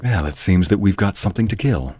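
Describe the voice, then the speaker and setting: A man giving wry, animated commentary while streaming a video game, often talking to himself. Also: deep voice, brisk, breathy edge. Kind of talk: gameplay commentary.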